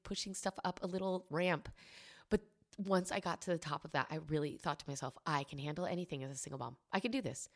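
A woman in her thirties telling a personal story about single parenthood and giving advice, candid and emotional, with many fillers. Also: on the low side.

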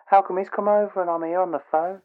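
A man's voice: high-pitched, fairly even intonation, fast talker, pitched above the performer's own voice. A man voicing an awkward, eager male fan who talks earnestly and hesitantly over a phone line.

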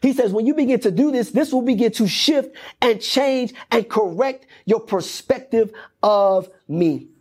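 Husky-voiced pastor preaching. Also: male voice, very high voice, unhurried. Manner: repetitive, emphatic preaching cadence. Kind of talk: sermon. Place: church.

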